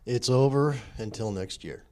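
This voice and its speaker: A man co-hosting a casual podcast in a small office studio, making dry, low-key remarks. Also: normal speed, warm tone, a little hiss or hum. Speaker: co-host.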